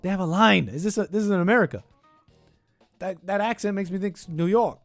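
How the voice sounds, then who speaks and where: A man with a slightly high voice hosts a podcast, riffing sarcastically on a clip and thinking out loud. His voice is dry and close to the mic. Faint music plays underneath. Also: fairly quick, no echo. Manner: sarcastic, rambling, thinking aloud. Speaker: podcast host reacting to clips. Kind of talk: casual reaction commentary.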